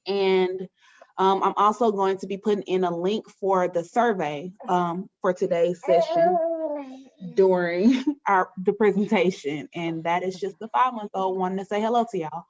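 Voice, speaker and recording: Over a video call, the audio muffled, a woman with a mid-range voice speaks at a moderate pace. She's hosting an online webinar in a friendly, chatty way, peppering her housekeeping announcements with lots of filler words.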